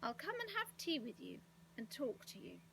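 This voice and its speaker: A woman's voice: wildly swooping pitch, moderate pace, creaky, sharp tone, slight background noise, exaggerated voice. A woman voicing an old, hard-of-hearing saucepan pedlar who is eager and easily muddled. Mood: excited. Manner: shrill, eager, mishearing words. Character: old deaf male saucepan pedlar, excitable.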